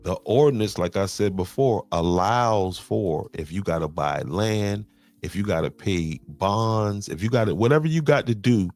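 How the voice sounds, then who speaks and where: With soft music in the background of a dry recording, a podcast host walks viewers through local county finances. His lowish voice is animated and a little mellow at normal speed, and he keeps restarting, repeating words and saying "okay."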